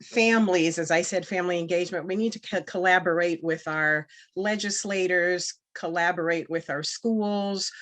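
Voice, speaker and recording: This board candidate, a woman with a lowish, slightly bright voice, makes an earnest, emphatic campaign speech before fielding questions. When she's unscripted, she hesitates and uses fillers.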